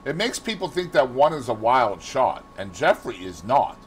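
A man voicing a worldly older gentleman who speaks in a dry, dismissive way, in an audiobook reading. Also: mid-range voice, sing-song, normal speed, slight background noise, lightly acted. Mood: cool.

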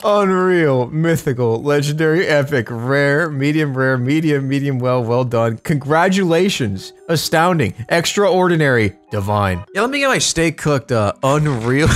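A man streaming casually while high, animated and giggly, swearing freely as he chats. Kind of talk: casual livestream chat.

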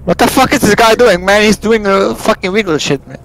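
A man's voice: high voice, a little fast, creaky, fairly bright tone, poor audio. A man chatting offhandedly and swearing while playing a co-op shooter with friends. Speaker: gamer. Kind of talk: casual co-op game chat.

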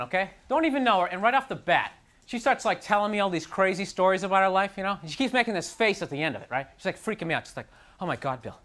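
A man's voice: high voice, pushed and bright. A young man doing a stand-up set on a TV studio stage, ranting in a frustrated, self-mocking way, full of "like" and "you know". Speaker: stand-up comedian. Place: TV studio stage before a live audience. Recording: 1990s TV broadcast, audience laughter and noise. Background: audience laughter.

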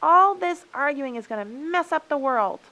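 A woman voicing a vain, fussy male coyote in a storybook reading, talking in an excitable, raised way. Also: on the low side, normal speed, gravelly, heavily acted, rough recording.

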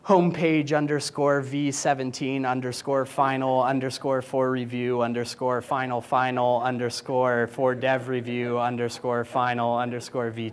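A man speaks from a conference stage in an easy, joking way, in a voice of middle pitch. He keeps the talk loose and chatty. Now and then he jumps into quick, higher voices to act out clients and coworkers. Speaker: keynote speaker.

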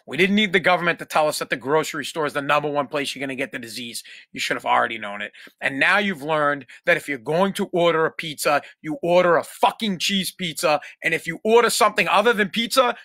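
A man hosts a solo podcast and rants at length, swearing and sounding exasperated. His voice is bright and fairly high, and the sound is close and dry. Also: brisk, hardly any pauses, no room sound. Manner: profane, exasperated ranting. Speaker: podcast host. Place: home.

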